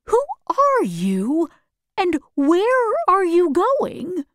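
A woman voicing a gentle storybook scarecrow. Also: extremely high pitch, huge pitch swings, very slow, no echo, studio quality, pitched above the performer's own voice, exaggerated voice. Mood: earnest. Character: gentle, simple male scarecrow, sad then grateful.

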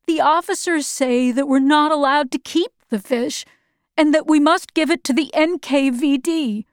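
A woman's voice: high voice, normal speed, dry recording, studio quality, voice pushed up, natural voice. A woman reading aloud, voicing a tired, downcast teenage boy in a subdued tone.

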